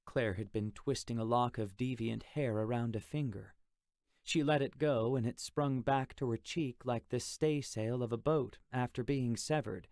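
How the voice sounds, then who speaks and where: A man's voice: mid-range voice, normal speed, darkish tone, dry recording, studio quality. A man narrating an audiobook in the first person, in a reflective, plain, conversational manner.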